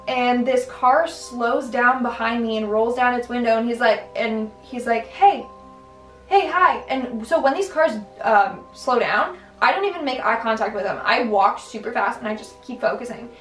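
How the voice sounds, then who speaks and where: A woman's voice: fairly high pitch, normal speed, few pauses, a bit bright. A young adult woman telling personal stories in a casual, rambling way, full of "like" and restarts. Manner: chatty, filler-heavy, lots of "like" and restarts. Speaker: vlogger. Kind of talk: casual storytelling. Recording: roomy, distant mic, faint music.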